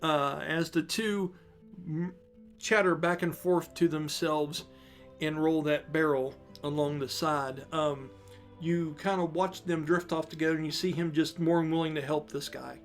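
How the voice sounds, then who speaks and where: A man narrates a tabletop game as dungeon master. His voice sits on the higher side, and he talks in a relaxed, chatty way, laughing easily. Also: unhurried, faint music behind.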